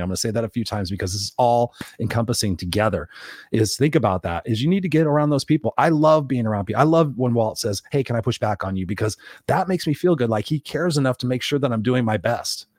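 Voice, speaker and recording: A man's voice: mid-range voice, fast talker, darkish tone, no room sound, clean studio sound. A middle-aged man hosting a solo podcast as a coach, talking bluntly and emphatically, swearing freely and repeating phrases for stress. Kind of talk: unscripted solo podcast monologue.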